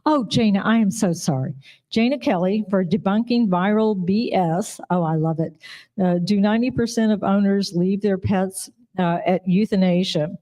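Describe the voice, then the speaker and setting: A woman's voice: mid-range voice, moderate pace, mellow. A woman reading out award winners at a live ceremony, chatty and giggly, apologizing when she trips over names. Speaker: awards presenter.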